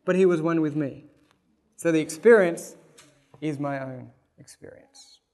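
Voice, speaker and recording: A man preaching a sermon. He reads passages aloud and comments on them, with big swings in loudness. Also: a little high. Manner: slow, emphatic delivery with big swings in loudness. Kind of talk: sermon reading and commenting on scripture.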